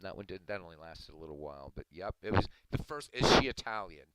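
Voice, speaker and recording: A man's voice: low voice, quick pace. A man hosting a stream, chatting casually in a rambling way, often chuckling and repeating himself. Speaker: stream host. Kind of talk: casual chat. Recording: loud background noise.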